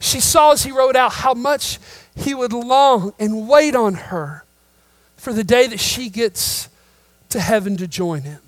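High-voiced man preaching slowly. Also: dry recording, rough recording. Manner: storytelling that swells into loud emphatic preaching. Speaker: pastor. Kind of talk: sermon.

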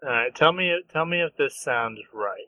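A young man co-hosting a podcast in casual chat, easygoing, hesitant, and quick to give his opinion. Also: fairly high pitch, expressive, pushed and bright, dry recording, dull audio. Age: young adult. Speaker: podcast co-host.

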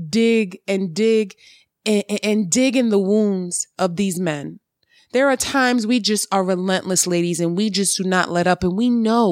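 A woman hosting a podcast in a casual, expressive talk, preaching with emphatic repetition. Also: mid-range voice, dry recording, clean studio sound. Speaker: podcast host. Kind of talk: casual talk with karaoke singing.

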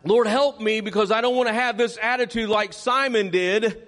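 A man preaching a sermon as pastor, calling on the congregation to repeat lines after him and drawing key phrases out slowly for emphasis. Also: high voice, steady tone, fairly bright tone. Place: church sanctuary. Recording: long reverb of a large hall.

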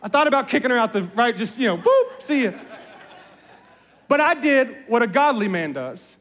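A middle-aged man preaching a sermon, telling animated personal stories with humor. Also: very high-pitched, moderate pace. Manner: animated storyteller, jokes and voices family members. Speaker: pastor. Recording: reverberant hall.

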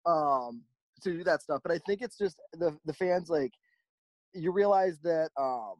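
A man telling stories in a casual chat, rambling and animated, often acting out the voices of people he quotes. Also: on the high side, a little slow, no room sound. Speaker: podcast host, merch company owner.

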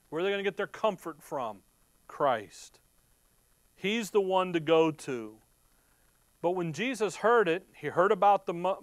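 A man's voice: high-pitched, no echo. A man preaching a sermon who reads scripture verse by verse and stops to explain it. He asks rhetorical questions, answers them himself, and restarts words when stirred.

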